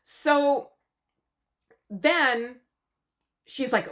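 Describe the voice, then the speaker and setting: A woman's voice: mid-range voice, expressive, normal speed, a bit bright. A woman from Canada giving a gossipy, sarcastic recap of a TV show, chatty and mocking. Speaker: commentary vlogger.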